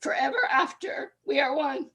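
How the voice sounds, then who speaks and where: An older woman, a retired teacher, reading her own poem with emotion and a steady rhythm on a video call. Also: high voice, normal speed, poor audio. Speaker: open mic poet.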